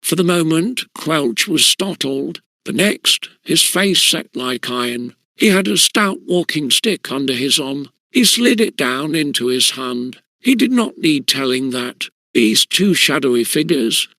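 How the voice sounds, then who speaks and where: A man narrating an audiobook in measured, steady storytelling. His voice is bright and slightly high, with a gravelly fry at phrase ends, close and dry. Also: no echo. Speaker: audiobook reader.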